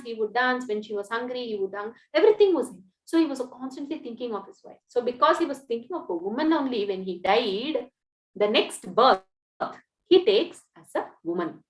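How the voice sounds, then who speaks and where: A woman narrating a scripture story to an audience, often checking in with "okay". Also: sits high. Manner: animated, checks in with frequent "okay". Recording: roomy echo.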